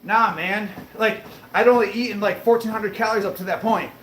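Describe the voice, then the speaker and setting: A man livestreaming while on a treadmill, chatting casually and answering viewer comments, a bit breathy as he talks between breaths. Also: high-pitched, fairly even intonation, a little fast, fairly bright tone, echoey room, rough recording. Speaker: fitness livestreamer.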